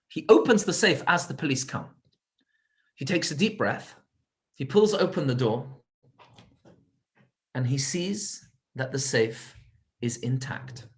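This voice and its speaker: Animated man telling a dramatic sermon story. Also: mid-range voice. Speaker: community speaker.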